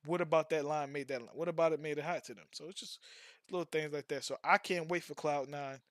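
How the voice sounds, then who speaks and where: A man's voice: on the high side, steady tone, fast, fairly bright tone, no echo. A man who streams and makes music, chatting loosely with his viewers in slang, swearing freely and repeating himself. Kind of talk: casual live-stream chat.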